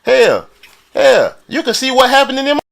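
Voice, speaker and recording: A man's voice: very high-pitched, big pitch swings, moderate pace, gravelly, a bit bright, slight background noise. A man from Florida on a live stream, arguing heatedly and boasting, with repetitive challenges and frequent laughter.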